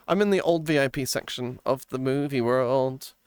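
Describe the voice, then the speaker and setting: A man's voice: medium pitch, moderate pace, clean tone, dry recording, studio quality. A man streaming live, chatting casually and playfully, giggling often and reading viewer comments aloud.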